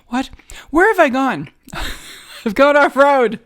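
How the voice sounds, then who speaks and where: A woman's voice: mid-range voice, lively intonation, slow pace, pauses often. A woman with a New York accent hosting a podcast, giving a wry, sarcastic, rambling comedic monologue from a home studio in a guest bedroom. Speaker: podcast host.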